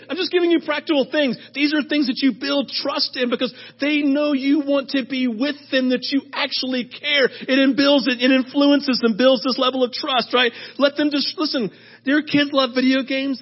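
A middle-aged male pastor giving a chatty sermon, telling stories and often asking "right?". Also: very high voice. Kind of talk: conversational sermon. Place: church service. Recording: dull lo-fi sermon audio.

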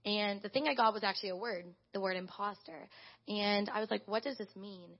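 A young woman gives a chatty, animated testimony to her church, leaning on "like" as she talks. Her voice has a steady gravelly fry. The sound is dull and lo-fi. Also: mid-range voice, a little fast. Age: young adult. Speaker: church intern. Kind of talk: casual spoken testimony to a congregation.

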